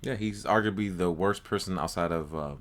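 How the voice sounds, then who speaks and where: Podcast co-host, man, deep voice, dry short comments. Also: fairly quick, a bit bright. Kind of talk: casual fan chat.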